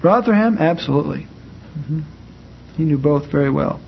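A man's voice: on the high side, animated, moderate pace, vocal fry, muffled recording, a little hiss or hum. A man teaching an informal class, talking in a conversational way and acting out spoken examples, with frequent fillers.

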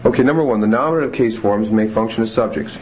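A man lectures on Greek grammar in a classroom. His voice sits low, and he reads the Greek slowly before explaining each example with many fillers. The tape sounds dull and lo-fi, with a faint hiss. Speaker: Greek teacher.

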